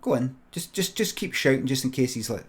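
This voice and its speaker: A Scottish comedian improvising a comic story with deadpan, sweary narration and quick muttered asides. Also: male voice, mid-range voice, slightly rough. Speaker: comedian streamer.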